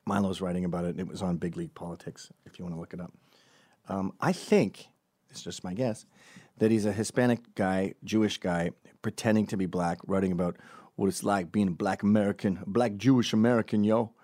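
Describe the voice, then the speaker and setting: A man hosting a comedic political monologue, sardonic and animated, slipping in and out of mocking impressions and swinging between loud and hushed delivery. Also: low-pitched, brisk, dry recording, clean studio sound.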